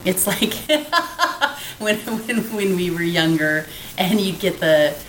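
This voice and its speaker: Chatty low-pitched woman podcast co-host. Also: expressive, slow, fairly bright tone, a little hiss or hum, low-quality recording. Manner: chatty, laughs often, restarts sentences. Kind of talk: casual film discussion.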